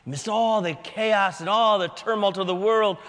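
A man preaching a sermon in a dramatic manner, swinging from shouting to hushed whispers. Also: high-pitched, normal speed, big-room sound.

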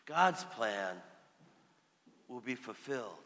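A priest preaches in a conversational, storytelling way, acting out the people he quotes. His voice is bright and clear, and it rings with the long reverb of a church. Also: mid-range voice, animated, takes it slowly. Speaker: Catholic priest. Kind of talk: sermon.

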